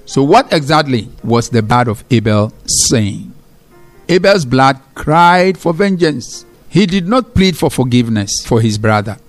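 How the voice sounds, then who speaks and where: A male pastor delivers a sermon at a mid-range pitch. He drives his points home by repeating key phrases and slows down when he reads scripture aloud. Soft music plays faintly behind him. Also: lively intonation.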